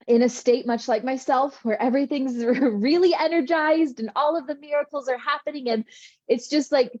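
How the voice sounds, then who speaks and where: A woman's voice: on the high side, warm tone, dry recording, highs cut off. A middle-aged woman giving a motivational spiritual talk in an earnest, reassuring, soothing way. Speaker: spiritual coach.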